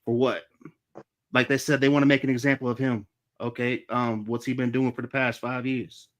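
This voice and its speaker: A man in the middle of his own live stream, talking fast and loose about his life, angry and swearing freely. His voice sits in an ordinary middle range for a man. The talk is off the cuff, with no script behind it. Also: mid-range voice, flat delivery. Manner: heated, heavy swearing. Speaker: livestream host. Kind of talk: casual storytelling on a live stream.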